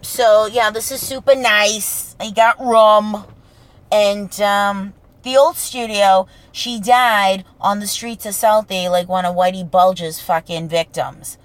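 A woman with a thick Boston accent and a gravelly voice, hosting her own podcast as a brash, profane storyteller in a casual solo monologue. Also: lowish voice. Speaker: podcast host.

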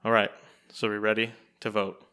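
A man's voice: lowish voice, level tone, normal speed, sharp tone, clean tone. A young adult man hosting a casual podcast chat, dry and laid-back as he runs the segments. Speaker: podcast host.

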